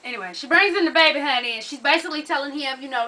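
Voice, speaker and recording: Sassy high-voiced woman recapping TV. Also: rapid-fire, hardly any pauses, bright, forceful tone, poor audio. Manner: sassy, profane, keeps calling listeners honey. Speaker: reality TV recap vlogger. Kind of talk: casual episode recap.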